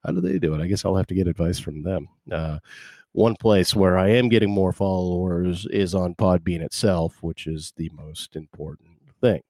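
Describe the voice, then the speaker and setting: A man's voice: low voice, fairly even intonation, moderate pace, dark tone, dry recording, clean studio sound. A man hosting his podcast live, rambling in casual chat with wry asides. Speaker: podcast host.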